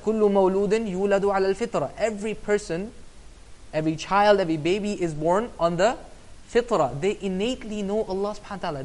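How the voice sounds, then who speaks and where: A man's voice: high voice, a little mellow. A man giving a casual Islamic class online, conversational and often asking "right?" to check in. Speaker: Islamic teacher.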